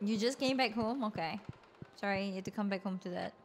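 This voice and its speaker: A woman streamer chatting casually with viewers while she plays, swearing freely. Her voice jumps high when she gets angry. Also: fairly quick, a little hiss or hum. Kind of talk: casual gameplay commentary.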